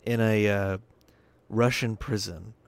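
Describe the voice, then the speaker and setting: A man's voice: on the low side, steady tone, takes it slowly, smooth. Sarcastic, rambling male podcast host. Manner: sarcastic, rambling, swears often. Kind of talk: casual political rant. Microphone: webcam and desk mic.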